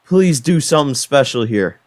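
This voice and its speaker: A man's voice: medium pitch, expressive, normal speed, no room sound. A young man giving casual play-by-play commentary on his own video game, frustrated and self-deprecating. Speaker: gaming channel host. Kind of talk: gameplay commentary.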